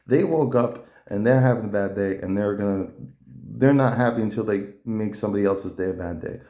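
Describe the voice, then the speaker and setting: Blunt, profane male vlogger with a mellow, dark voice, recorded in an echoey room. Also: fairly low pitch, fairly quick. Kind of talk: casual opinion monologue.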